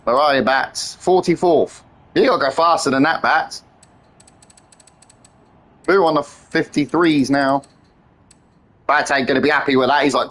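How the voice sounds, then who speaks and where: A man chatting excitedly on a live game stream, swearing freely and trading teasing banter with his friends. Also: fairly high pitch, unhurried, pauses often. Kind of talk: live-stream gameplay chat.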